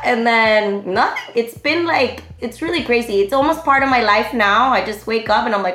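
A woman in her thirties, a guest telling her story in an animated, rambling way full of fillers. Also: on the high side, normal speed, few pauses. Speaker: interview guest, online comedy creator. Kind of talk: casual interview chat. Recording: roomy echo.

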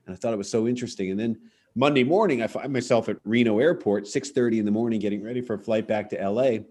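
A man's voice: fairly low pitch, fast talker, dark tone, husky. Middle-aged male comedian telling anecdotes. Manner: anecdotal storyteller, acts out quoted voices with punchlines. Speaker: podcast host and stand-up comedian. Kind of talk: casual podcast chat.

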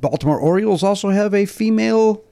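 A man who is a guest on a podcast, chatting casually and griping about sports broadcasts in animated banter. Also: high voice, quick pace, gravelly. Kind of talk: casual chat.

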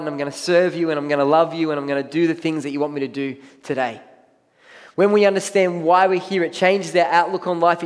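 A man's voice: a little high, long reverb tail. A man preaching as a pastor in a church, talking conversationally and acting out what people say to themselves. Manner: conversational preaching with acted-out inner voices. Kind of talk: sermon. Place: church hall.

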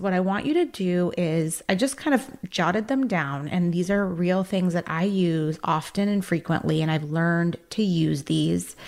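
Earnest woman giving self-help advice. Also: lowish voice. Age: adult, married. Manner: earnest, encouraging, addresses the listener directly. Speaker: podcast host. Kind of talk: motivational self-help talk.

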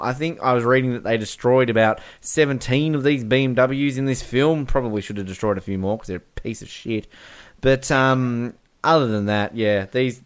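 A man's voice: mid-range voice, clean tone. A man co-hosting a film podcast, chatting casually and enthusiastically with frequent fillers, restarts and playful impressions. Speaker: podcast co-host.

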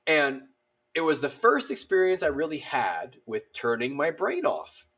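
With a voice on the high side and an unhurried pace, an army veteran guest in his thirties shares casual stories. He acts out the people's dialogue animatedly, using a great many fillers.

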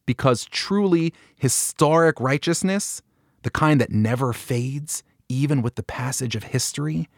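A man hosting a podcast, telling a Bible story in an animated way and acting out the quoted lines. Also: mid-range voice, unhurried, no room sound, clean studio sound. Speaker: podcast host. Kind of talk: storytelling talk on a Bible passage.

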